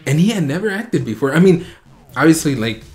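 A young man hosting a reaction video, talking casually and getting excited and emotional as he watches. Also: fairly high pitch, brisk, soft background music.

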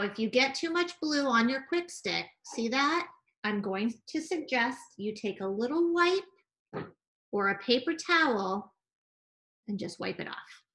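A woman art teacher with a slightly high voice gently walks children through a painting demonstration, sounding encouraging and sing-song.

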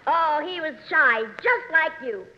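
A woman's voice: high voice, animated, unhurried. A woman playing a bawdy, man-chasing society dowager in a 1940s radio comedy, drawling her lines and laughing at her own jokes. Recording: noisy, dull 1940s radio transfer.

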